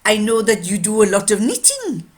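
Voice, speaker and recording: A woman's voice: fairly high pitch, big pitch swings, moderate pace, voice pushed up. A woman doing a proud old watchmaker man. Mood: knowing. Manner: confident, matter-of-fact pronouncements. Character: proud elderly male watchmaker, sharp and sure.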